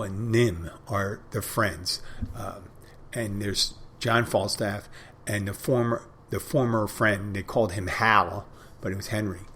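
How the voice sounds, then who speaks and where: A man's voice: on the low side, fairly bright tone, a little hiss or hum. A middle-aged man hosting a podcast, talking through a reflective, rambling monologue with frequent restarts. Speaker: podcast host. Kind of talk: casual monologue.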